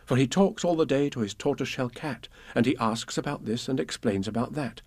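Male reader for children's verse, mid pitch, close dry sound. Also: a little fast, darkish tone, no room sound. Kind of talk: reading children's poems and stories aloud.

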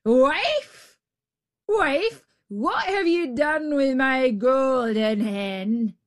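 A giant, greedy ogre, put on by a woman reading a storybook aloud, booming out each word slow and drawn out. The voice sits in a dry, close space with no room sound. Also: very animated, no room sound. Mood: bellowing. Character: huge bellowing male ogre, greedy and suspicious.

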